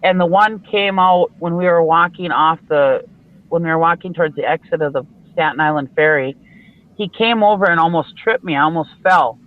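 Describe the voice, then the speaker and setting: Over a video call with narrow, tinny sound, a Minnesota woman who regularly appears on a live show tells stories bluntly and laughs a lot during casual chat. She speaks at normal speed in a lowish voice.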